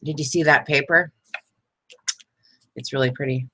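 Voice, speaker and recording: A woman's voice: rumbling low, fairly even intonation, moderate pace, fairly bright tone, a little hiss or hum. A middle-aged woman chatting casually as she makes crafts, rambling, laughing often and poking fun at herself. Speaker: craft vlogger. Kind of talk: casual chat while crafting.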